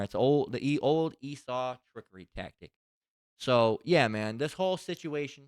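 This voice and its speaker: A religious teacher gives a casual spoken scripture lesson, rambling and profane in a conversational way. His lowish voice is fairly bright, clear and resonant, recorded with clean studio sound and no room echo.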